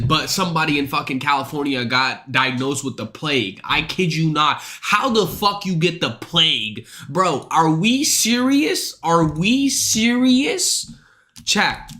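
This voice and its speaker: A congested man talks on a livestream with a bright, forceful tone while short of breath. He rambles casually, swears freely and often stumbles and repeats his words. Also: on the high side. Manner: rambling, profane, stammers and repeats himself. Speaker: streamer.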